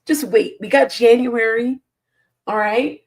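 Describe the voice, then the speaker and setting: A woman with a fairly high voice speaks at a slow pace on a casual live stream for her football channel. Sleepy and yawning early in the morning, she reads viewer comments out loud and replies, laughing frequently.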